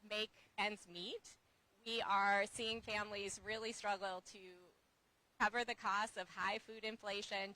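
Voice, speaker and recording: A woman's voice: medium pitch, bright, forceful tone, low-quality recording. A woman advocating against hunger, speaking earnestly and urgently at an outdoor rally. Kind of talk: prepared rally remarks.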